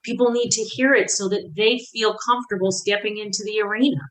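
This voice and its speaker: A woman's voice: mid-range voice, brisk, low-quality recording. A woman in her fifties, a podcast guest, openly telling a personal life story with feeling, often restarting her sentences. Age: 50s. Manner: emotional, animated when reliving moments, frequent restarts.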